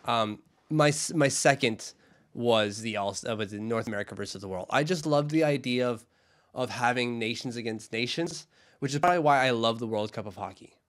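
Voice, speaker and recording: A man's voice: medium pitch, brisk. A young man co-hosting a casual hockey podcast, chatty and enthusiastic, often repeating himself. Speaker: podcast co-host. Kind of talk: casual chat.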